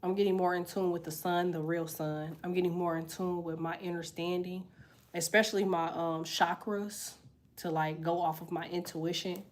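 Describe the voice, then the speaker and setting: A woman's voice: lowish voice, level tone, moderate pace. Blunt, chatty young woman tarot reader. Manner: blunt, profane, chatty, reads comments aloud. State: sick with a sinus infection. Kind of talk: casual livestream chat.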